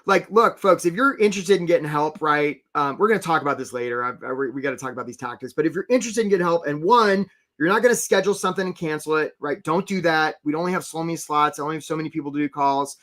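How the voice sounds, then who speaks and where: Energetic man hosting a career webinar. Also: a little high, fast talker. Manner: energetic, jumpy, talks to chat viewers. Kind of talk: live webinar presentation.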